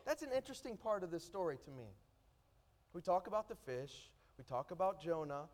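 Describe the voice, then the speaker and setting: A man preaching a sermon, reading scripture aloud slowly and then explaining it with rising emphasis. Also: sits high, expressive.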